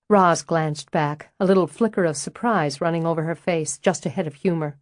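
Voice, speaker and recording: A woman narrating a romance audiobook in an even, measured storytelling manner. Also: low voice, dry recording, studio quality. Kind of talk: scripted narration.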